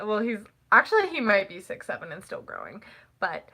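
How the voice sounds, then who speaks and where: A teenage girl chatting casually to the camera, rambling and packing her talk with "like" and quick laughs. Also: medium pitch, sing-song, gravelly, sharp tone. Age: teens. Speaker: vlogger.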